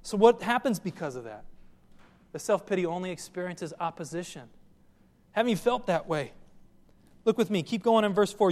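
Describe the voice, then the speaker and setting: A man preaches to his congregation in a high, clear register, asking pointed questions and pressing each point home. His voice rings out with long reverb, as if filling a church sanctuary. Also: expressive, moderate pace, long pauses, darkish tone. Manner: earnest preaching, direct questions to listeners. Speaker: pastor. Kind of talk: sermon.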